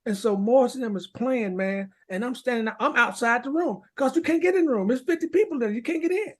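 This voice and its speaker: A man's voice: extremely high pitch, quick pace. A man co-hosting a podcast, telling a story in casual chat and acting out the voices of the people in it. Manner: animated storyteller, acts out voices. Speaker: podcast co-host.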